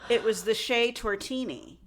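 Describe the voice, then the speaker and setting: A woman co-hosting a chatty podcast, her voice sitting in an ordinary middle range. She tells the story casually and slips into quick impressions of the people she describes. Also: medium pitch. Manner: animated, acts out quoted people in put-on voices. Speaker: podcast co-host.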